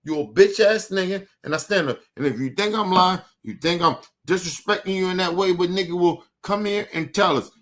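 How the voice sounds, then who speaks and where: Talking a little fast with few pauses, this host has a high-sitting, fairly bright voice. He rants angrily and profanely at his audience, says the same things over and over, and confronts his target head-on.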